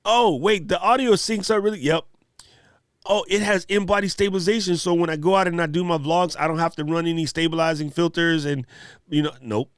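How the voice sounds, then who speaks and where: Slangy, animated live stream host man. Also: fairly high pitch, brisk, clean tone, no echo, clean studio sound. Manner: animated, slangy, talks straight to chat viewers. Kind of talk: casual live Q&A chat.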